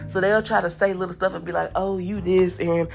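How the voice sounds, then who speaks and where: A woman's voice: fairly low pitch, steady tone, fairly quick, vocal fry, a little mellow, faint music behind. A woman hosting a podcast, telling personal stories in a blunt, candid, casual way and often addressing listeners directly. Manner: blunt, candid storytelling, repeats "I'm telling y'all". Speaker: podcast host. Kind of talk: casual monologue.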